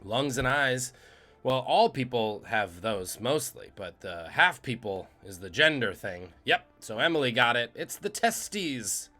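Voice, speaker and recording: A man's voice: mid-range voice, lively intonation, unhurried, bright, forceful tone, faint music behind. A man hosting a live trivia stream, joking and reading out the chat's guesses. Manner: jokey, punning, reads chat aloud. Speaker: trivia quiz host.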